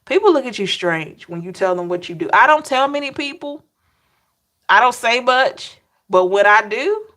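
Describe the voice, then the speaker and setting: A woman's voice: fairly high pitch, expressive, moderate pace, fairly bright tone. A woman tarot reader chatting casually with viewers on a livestream, often laughing and reading out names from the chat.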